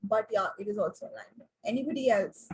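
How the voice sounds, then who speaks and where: A woman teaching an online class, often asking the class questions and pausing with fillers. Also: mid-range voice, a little mellow, a little hiss or hum, rough recording.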